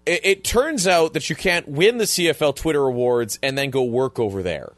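A man's voice: a little high, animated, moderate pace, a bit bright, no room sound. A man co-hosting a podcast, chatting casually about football with rambling jokes and acted-out quotes. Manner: jokey, rambling, acts out quotes. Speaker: podcast co-host. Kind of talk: casual sports chat.

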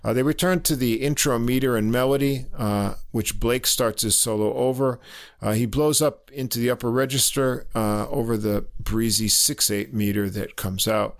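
Gravelly man reviewing a jazz album. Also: medium pitch, fairly even intonation. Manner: halting, many "uh" fillers, frequent chuckles. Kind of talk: casual spoken album review.

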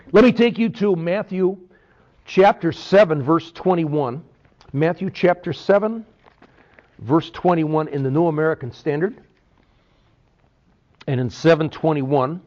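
Guy preaching a bible lesson, keeps saying okay, bouncy higher voice, kinda muffled recording. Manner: animated, peppers talk with "okay?". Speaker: Bible teacher. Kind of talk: Bible teaching sermon. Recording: dull lo-fi recording.

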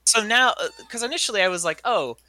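A man's voice: high-pitched, animated, fast talker, pushed and bright. A man playing a tabletop role-playing game, eager and thinking aloud with fillers. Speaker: player. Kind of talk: tabletop role-play chat.

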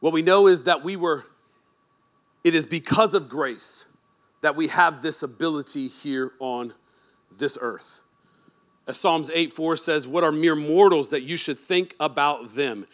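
A man preaching a sermon as pastor, animated and joking, moving from quiet asides to shouted emphasis. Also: fairly high pitch, unhurried. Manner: joking, teasing the congregation.

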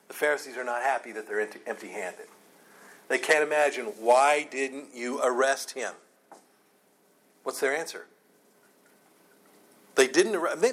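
A man teaches scripture in a relaxed, conversational way. He is earnest and often restarts sentences, repeating a word before going on. His voice sits at an everyday middle pitch. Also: poor audio. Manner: reads scripture aloud. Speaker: Bible teacher. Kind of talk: conversational Bible study.

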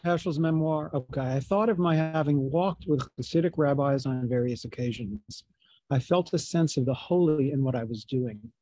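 Class participant, male, reads a text aloud, mellow dark tone, dry close sound. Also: medium pitch, moderate pace, no echo, rough recording. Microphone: video call.

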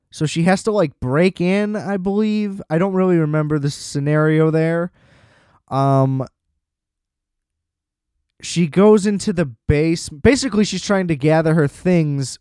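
A man's voice: fairly high pitch, darkish tone, clear, resonant tone, no room sound. Chatty man recapping a film, dry sound. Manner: loose and chatty, heavy "like" fillers, blunt swearing. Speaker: film reviewer. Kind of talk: casual film plot recap.

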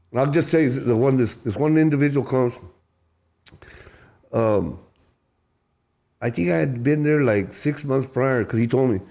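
A man candidly recounts his recovery, speaking emotionally, emphatically and with profanity, often repeating and restarting words. His mid-range voice is creaky and mellow, a little slow, with frequent pauses.

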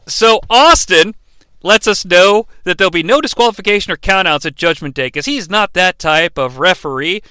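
A man's voice: high-pitched, animated, normal speed, bright, forceful tone, clean tone, no echo. A man hosting a casual, irreverent recap podcast, chatty and now and then profane. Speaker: podcast host.

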